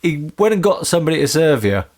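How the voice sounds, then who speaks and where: A man hosting a relaxed chat podcast. He riffs playfully on what his guest says and keeps the conversation light and joking. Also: a little high, fast talker. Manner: jokey, riffs with playful mock heckles. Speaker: podcast host.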